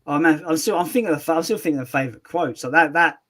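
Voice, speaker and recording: A man's voice: on the high side, fast, a bit bright. A man hosting a live movie chat, rambling casually with many restarts.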